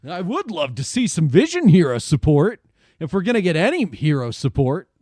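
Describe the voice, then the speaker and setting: A male streamer rambling casually to his chat, dropping swear words into animated complaints. His voice sits fairly high and swings widely in pitch. The sound is dry and close. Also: normal speed, no room sound.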